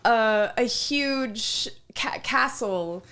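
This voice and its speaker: A woman's voice: fairly high pitch, very slow, pushed and bright, clean tone. A woman from Wisconsin co-hosting a podcast, rambling and giggly, trailing off mid-sentence. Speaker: podcast co-host. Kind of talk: casual comedic chat.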